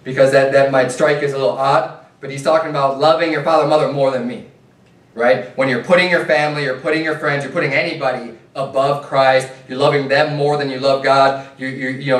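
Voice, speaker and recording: A man's voice: mid-range voice, steady tone, a little fast. Earnest preaching man in an echoey church. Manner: earnest, plain-spoken preaching with scripture readings. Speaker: pastor. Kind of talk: sermon. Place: church sanctuary. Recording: echoey room, mic at a distance.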